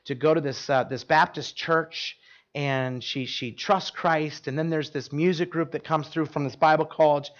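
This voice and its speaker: A man's voice: on the high side, fairly even intonation, normal speed, muffled recording. A man preaching a sermon, telling stories in an earnest, emphatic way with frequent restarts. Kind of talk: sermon storytelling.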